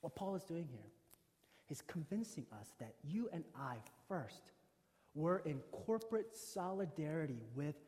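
A male pastor with a high-pitched voice delivers a sermon, moving between emphatic, ringing statements and quiet, near-whispered passages. His words trail off into a long reverb from a church sanctuary. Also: expressive, a little slow.

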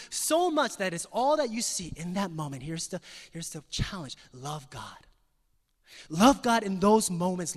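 A man's voice: on the high side, big-room sound. A male pastor preaching a sermon, driving hard on stressed words and then dropping to a near whisper. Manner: emphatic, swings from loud stresses to soft near-whispers.

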